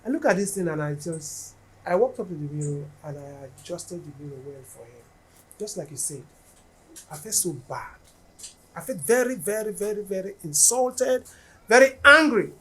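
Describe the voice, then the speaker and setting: A woman's voice: lowish voice, lively intonation, normal speed, a bit bright, a little hiss or hum. A woman, telling a personal story in a casual podcast chat.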